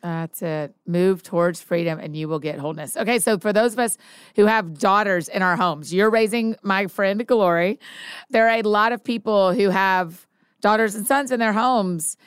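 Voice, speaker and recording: A woman's voice: mid-range voice, moderate pace, smooth, no room sound, clean studio sound. A woman hosting a podcast, asking questions in a casual interview chat and affirming her guest. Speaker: podcast host.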